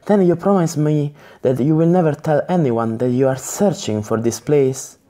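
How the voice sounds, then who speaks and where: A man reading the lines of a spirited young female adventurer in a gamebook, in a plain, slightly halting way. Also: a little high, dark tone, natural voice. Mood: eager.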